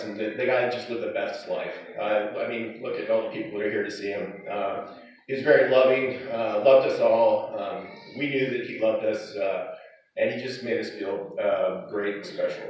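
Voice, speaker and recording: A man's voice: lowish voice, fairly even intonation, normal speed. A man speaking at his father's funeral, rambling through anecdotes with many fillers and restarts. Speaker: son giving a eulogy. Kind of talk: informal eulogy with anecdotes. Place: funeral service hall. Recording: echoey hall, far from the mic, dull.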